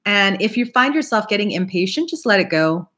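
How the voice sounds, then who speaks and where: A woman's voice: medium pitch, big pitch swings, brisk, fairly bright tone. Woman, tarot reader, live stream host, casual chat, laughs a lot, greets viewers. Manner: chatty, laughs often, greets viewers by name.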